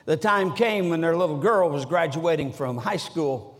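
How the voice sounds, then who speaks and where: Dramatic storytelling preacher in a church. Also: male voice, a little high. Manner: dramatic storytelling, sudden shouts and slow drawn phrases. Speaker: guest preacher. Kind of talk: sermon. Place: large church sanctuary. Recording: echoey church hall.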